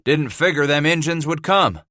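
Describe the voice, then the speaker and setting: A man's voice: on the high side, moderate pace, bright, forceful tone, no echo, clean studio sound, voice pushed up. A man voicing a grizzled male mountain man who growls coarse, defiant talk. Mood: sheepish.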